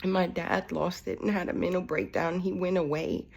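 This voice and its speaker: A middle-aged woman preacher giving a fervent, rambling spiritual testimony that sometimes drops to a hush. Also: fairly low pitch, steady tone, moderate pace, creaky, husky.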